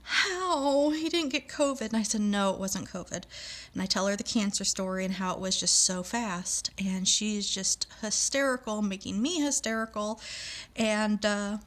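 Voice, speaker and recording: A woman's voice: medium pitch, steady tone, moderate pace, a bit bright. A middle-aged woman telling a personal story with feeling, acting out the voices of the people she quotes.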